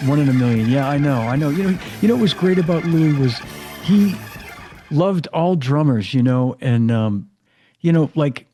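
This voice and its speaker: Male host, mellow tone, easygoing filler-heavy chat. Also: fairly high pitch, expressive, moderate pace, soft background music. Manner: warm agreeing, filler-heavy, lots of "you know". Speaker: podcast host. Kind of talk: casual interview chat.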